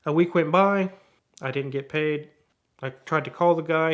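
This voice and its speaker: A middle-aged man who runs a car repair shop, telling a story in an animated way and acting out both sides of the conversations. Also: a little high, moderate pace. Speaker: auto repair shop owner. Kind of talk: storytelling to camera.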